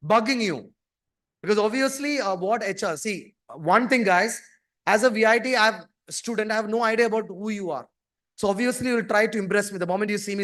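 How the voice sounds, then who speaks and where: A man's voice: high voice, fairly quick, fairly bright tone. A man giving an interactive orientation talk to students, acting out scenes and questioning the audience. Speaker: orientation speaker.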